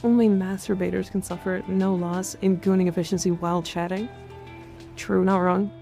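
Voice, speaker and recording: A woman streamer chatting casually while gaming, crude and excitable, swearing freely. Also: medium pitch, normal speed, gravelly, faint music behind.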